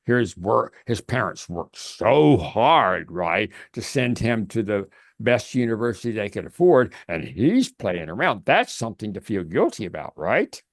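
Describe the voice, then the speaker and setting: A male life coach talking over a video call, his pitch swinging lively up and down as he tells a story. He often restarts his sentences and checks in with an "okay?". The sound is dry and close, with no room echo. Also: measured pace, vocal fry. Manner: animated storytelling with frequent restarts.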